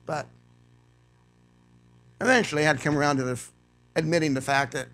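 A man preaching a sermon to a church congregation. He reads scripture aloud and rises to loud, emphatic preaching. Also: fairly high pitch, normal speed, long pauses. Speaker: guest preacher.

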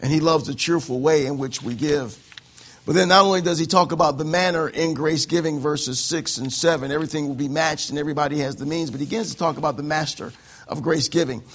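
A man preaching a sermon, acting out quoted voices and swinging from soft, quick asides to shouted lines. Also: a little high. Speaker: pastor.

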